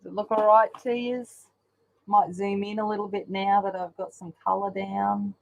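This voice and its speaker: A woman's voice: mid-range voice, little pitch movement, normal speed, creaky, dull audio. A woman chatting casually while she colours, rambling along with lots of ums. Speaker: colouring channel host. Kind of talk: casual chat while colouring on a live stream.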